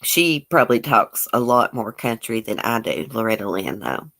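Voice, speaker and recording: A woman's voice: very deep voice, very animated, moderate pace, a bit bright. A woman with a broad Southern country accent hosts a casual livestream, reading out and answering viewer comments. She is blunt and outspoken, swears without hesitation, and has a folksy, drawling way of speaking. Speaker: YouTube livestream host.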